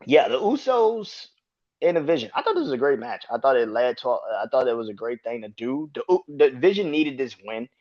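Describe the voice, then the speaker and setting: A podcast host reviews wrestling in a casual, profane rant, repeatedly breaking into high-pitched outbursts. His voice is a little mellow, and the sound is lo-fi.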